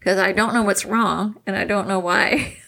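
Laughing woman in her forties, gravelly. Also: medium pitch, steady tone, unhurried, fairly bright tone. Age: 40s. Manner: candid, laughs often, acts out quotes. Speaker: podcast co-host. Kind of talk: casual couple chat.

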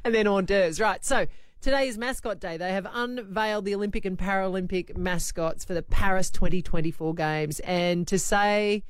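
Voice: medium pitch, normal speed, hardly any pauses, smooth, dry recording. A radio host bantering playfully with co-hosts and often laughing.

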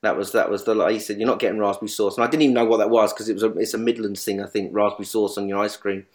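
A man in speedway journalism, sharing memories of a late colleague in a halting, repetitive way, often restarting sentences. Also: lowish voice, steady tone. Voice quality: halting, many restarts and repeats. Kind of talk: emotional tribute reminiscence.

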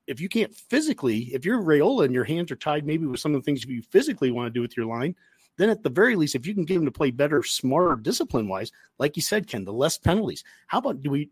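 A man co-hosting a sports podcast, talking in a casual, animated way and getting worked up as he goes. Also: on the high side, slightly rough, no room sound. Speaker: podcast co-host.

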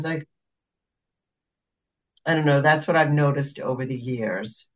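A woman's voice: very deep voice, a little slow, long pauses. Emphatic woman facilitator, dull recording. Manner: emphatic, exasperated about pet peeves. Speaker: podcast co-host, facilitator. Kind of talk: casual chat.

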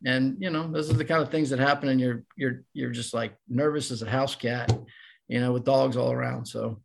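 An older man with a gravelly, creaky voice tells a long story on a podcast. He is animated and acts out the voices of the people he quotes. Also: medium pitch, fairly quick. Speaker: podcast guest, former ballplayer. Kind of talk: casual storytelling.

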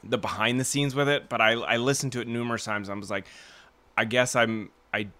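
A man's voice: mid-range voice, a little fast, pushed and bright. A man co-hosting a podcast in casual chat, rambling with restarts and frequent laughter. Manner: rambling, self-interrupting, laughs often. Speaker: podcast co-host.

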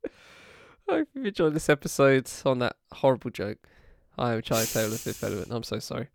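A man's voice: medium pitch, big pitch swings, quick pace, gravelly, dry recording. Laid-back podcast host man, joking. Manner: joking, laughs often, loose and teasing. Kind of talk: casual podcast banter.

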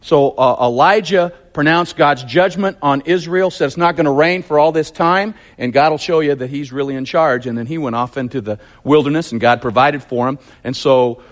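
A man's voice: a little high, moderate pace, few pauses. A man preaching a sermon, telling the story vividly and emphatically with lots of repetition.

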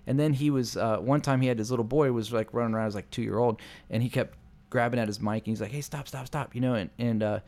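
Rambling pastor telling stories. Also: male voice, medium pitch, steady tone, quick pace, darkish tone. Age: 40s. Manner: rambling storyteller, acts out quoted voices. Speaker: pastor and podcast co-host. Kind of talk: casual podcast chat.

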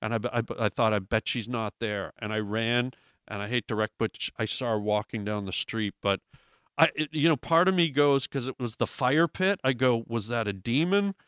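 A man's voice: mid-range voice, fairly quick, a bit bright, smooth, no room sound, clean studio sound. A man, a guest comedian, telling a story in casual talk, with lots of restarts and acted-out quotes.

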